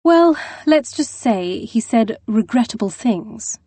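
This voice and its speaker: A woman's voice: fairly high pitch, lively intonation, takes it slowly, dark tone, husky, no room sound, exaggerated voice. A woman voicing a stern, composed noblewoman who speaks in a clipped, commanding way. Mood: softened.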